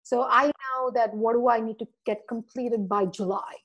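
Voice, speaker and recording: A woman podcast guest telling an animated story, acting out quotes and laughing often. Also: fairly high pitch, normal speed, dull audio. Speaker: podcast guest, marketing speaker.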